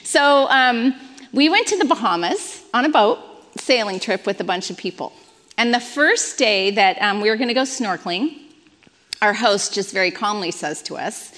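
A woman in her fifties, a pastor on staff, giving a sermon with animated, self-deprecating storytelling. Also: medium pitch, moderate pace, in a large hall. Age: 50s.

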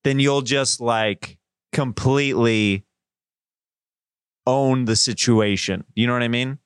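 A young man hosting a podcast, talking in a quick, playful and defensive back-and-forth. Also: mid-range voice, steady tone, smooth, no echo, clean studio sound. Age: young adult. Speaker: podcast host and comedian. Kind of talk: casual podcast banter.

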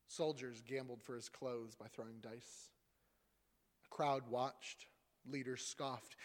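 A man's voice: mid-range voice, steady tone, takes it slowly, in a large hall. A man giving a dramatic liturgical reading of scripture in church, acting out the voices in the passage. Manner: acts out the voices in the passage, rising loud for the crowd. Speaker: scripture reader.

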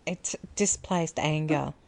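A woman's voice: low voice, steady tone, takes it slowly, creaky, darkish tone. A woman co-hosting a podcast in casual chat, throwing in dry, teasing quips and laughing. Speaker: podcast co-host.

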